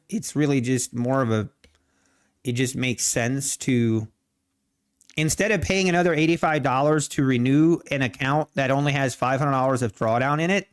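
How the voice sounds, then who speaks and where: Slow, rambling man streaming trades. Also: on the high side, clear, resonant tone. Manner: slow, rambling, self-correcting; playfully defensive with chat. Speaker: livestream trading host. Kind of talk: casual livestream chat.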